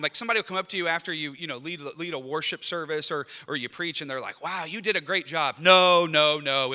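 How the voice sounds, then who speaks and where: Man, professor type, casual funny presentation at a lunch, sharp forceful tone, echoing hall. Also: high voice. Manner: conversational and humorous, acts out quoted people. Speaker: professor leading a master's program. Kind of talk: informal presentation at a lunch event. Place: indoor event room at a lunch. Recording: reverberant hall sound.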